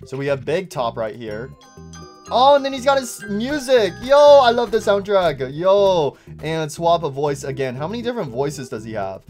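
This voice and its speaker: A young man giving excitable, casual commentary on a game and saying "bro" a lot. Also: a little high, moderate pace, faint music behind. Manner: excitable, says "bro" often. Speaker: gaming YouTuber.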